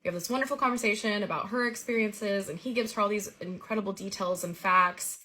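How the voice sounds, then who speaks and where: A woman of ordinary pitch tells a personal dream story in an earnest, casual way. She lives the scenes as she recounts them. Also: quick pace. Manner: earnest, vivid retelling with lively quoted dialogue.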